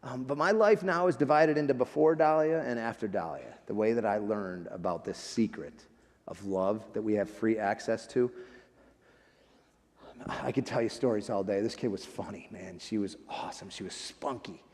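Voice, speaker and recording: A man's voice: lowish voice, normal speed. A male guest speaker giving an emotional, conversational sermon in a church, often calling the listeners "friends" and "man". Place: church sanctuary. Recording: long reverb of a large hall.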